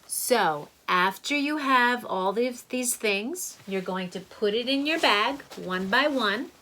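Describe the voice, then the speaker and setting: Gentle encouraging woman teaching kids. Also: fairly high pitch, lively intonation, slow, poor audio. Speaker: child therapist. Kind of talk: instructional talk to children.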